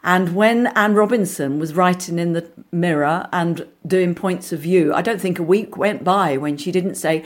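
An actress telling lively anecdotes in a casual interview, with frequent restarts and asides. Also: female voice, fairly low pitch, normal speed, few pauses. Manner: animated storyteller, many restarts, acts out voices. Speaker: actress guest.

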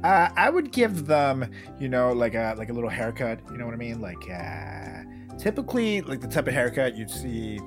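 A man's voice: medium pitch, wildly swooping pitch, moderate pace, over music. A man co-hosting a casual comedic chat, laid-back and rambling with many fillers.

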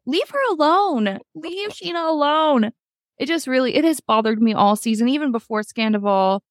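Higher-voiced woman host, animated and foul-mouthed, recorded close and dry. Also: dry recording. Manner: animated, swears freely, acts out quotes. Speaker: podcast host. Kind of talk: casual recap chat.

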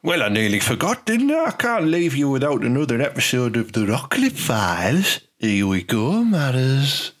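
A man's voice: mid-range voice, wildly swooping pitch, moderate pace, hardly any pauses, over music. A man hosting, bantering cheekily and narrating a mock documentary. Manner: cheeky, laddish. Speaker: host.

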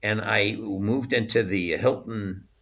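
A man speaks as an interview guest recalling his years in merchandise licensing. His voice sits low but has a bright, forceful edge. He tells stories in a loose, chatty way and often breaks into laughter. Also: takes it slowly. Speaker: interview guest, former studio licensing executive. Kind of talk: casual anecdotal storytelling.

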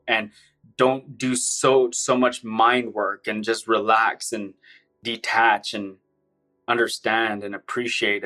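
A man's voice: mid-range voice, bright, forceful tone. A man recounting his own experience in an intense, run-on storytelling manner. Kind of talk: personal account, casual storytelling.

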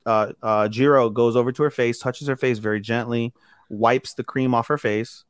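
A man co-hosting a podcast, casually recapping an episode with animated delivery and quick bits of acted dialogue, swearing freely. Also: medium pitch, smooth, no room sound, clean studio sound. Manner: animated recapping, acting out characters' lines in quick put-on voices, swears freely. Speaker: podcast co-host. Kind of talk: casual chat.

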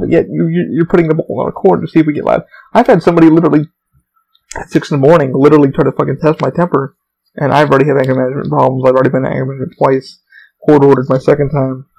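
A young man talks through a casual podcast monologue, drifting from story to story and swearing freely. His voice sits a bit high for a man. A gravelly fry runs through his delivery. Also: a little mellow, poor audio. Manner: profane, meandering storytelling. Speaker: podcast host.

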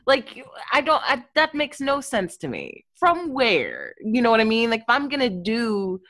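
A woman, an actor and accent teacher, talking casually in an interview with emphatic, animated storytelling. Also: on the high side, normal speed, dry recording.

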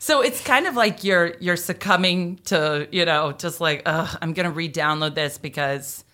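A young woman talks casually as a podcast guest, her voice sitting low but sounding bright and forceful. She tells stories with energy and acts out her own past reactions. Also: moderate pace. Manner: animated storyteller, acts out quoted reactions.

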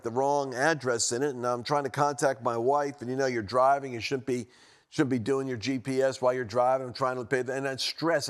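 A man preaching a sermon-style teaching from a studio, animated, swinging between loud emphatic lines and low quiet ones.

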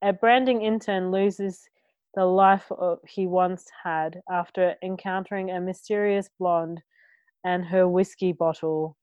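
A woman co-hosting a podcast in casual chat, easygoing and quick to giggle. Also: on the low side, fairly even intonation, darkish tone, clean tone, dry recording, highs cut off. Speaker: podcast co-host.

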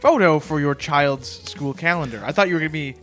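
A man co-hosting a comedy podcast, telling an absurd story in a deadpan, matter-of-fact way. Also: fairly high pitch, a little fast, faint music behind. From Canada. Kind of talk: deadpan improvised comedy chat.

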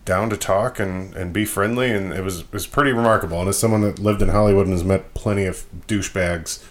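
A man with a very low, deep voice hosts a casual podcast. He rambles through his points with plenty of fillers and pokes fun at himself. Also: fairly even intonation, quick pace. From Michigan. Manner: rambling, self-deprecating, frequent fillers. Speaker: podcast host.

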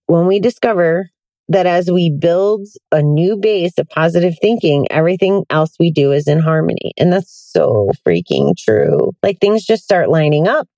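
A woman's voice: fairly low pitch, expressive, normal speed, dark tone, no room sound. A tired woman hosting a casual self-help podcast from her car, chatty and candid, with plenty of ums and likes. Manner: chatty, candid, with many fillers. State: tired, yawning. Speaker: podcast host. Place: sitting in a hot car.

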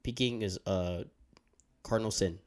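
Holding a handheld mic, a young man who co-hosts a podcast and handles its audio rambles casually about his audio habits, breaking into his own sentences. His voice is fairly low and a little slow.

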